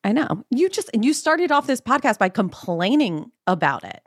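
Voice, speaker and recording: A woman's voice: on the high side, big pitch swings, moderate pace, slightly rough, dry recording, clean studio sound. A woman from Maryland co-hosting a podcast, chatting casually and teasing with easy laughs. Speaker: podcast co-host.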